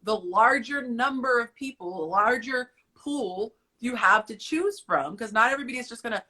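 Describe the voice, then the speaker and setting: A woman's voice: fairly high pitch, animated, normal speed, bright, forceful tone, breathy edge. A woman arguing her views emphatically in a casual live conversation. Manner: emphatic, opinionated. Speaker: guest on a live stream.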